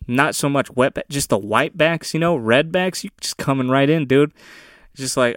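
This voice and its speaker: A young man of Mexican descent ranting casually on his own, profane and often laughing, with loud bursts of emphasis. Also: mid-range voice, normal speed, no room sound, clean studio sound. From of Mexican descent, USA. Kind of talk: casual solo rant.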